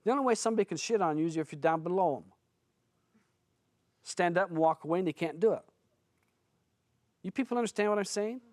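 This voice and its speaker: A male spiritual teacher speaks bluntly and casually to a seminar audience, with a voice a touch higher than most men's. He talks like he is telling stories. The sound is close and dry, with no room echo. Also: a little fast, pauses often, darkish tone. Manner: blunt, conversational, storytelling.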